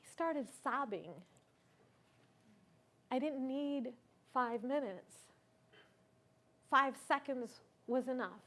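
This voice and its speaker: Speaking slowly with frequent pauses, a woman whose voice sits high and has a fairly bright tone tells the audience a personal story at a conference. She's earnest and reflective, putting questions to the crowd.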